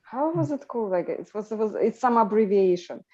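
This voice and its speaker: A woman hosting a livestream chat, talking in an animated way with lots of fillers and restarts. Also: medium pitch, a little fast, dull audio. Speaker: livestream host. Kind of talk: casual group chat on a livestream.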